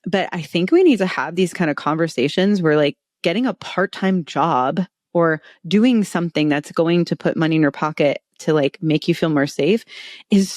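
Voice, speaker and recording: A low-pitched woman, middle-aged, speaking as an animated podcast guest. She laughs easily and acts out little quotes as she talks. The sound is close and dry, with no room around it. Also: dry recording. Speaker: guest expert on retail stress. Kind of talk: podcast interview.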